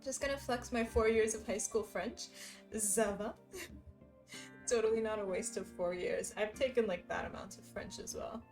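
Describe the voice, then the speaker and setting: A woman's voice: fairly high pitch, a little slow, darkish tone, soft background music. Giggly young woman chatting on stream. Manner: giggly, chatty, reads chat messages aloud. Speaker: livestreamer reading chat. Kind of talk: casual stream chat while stitching.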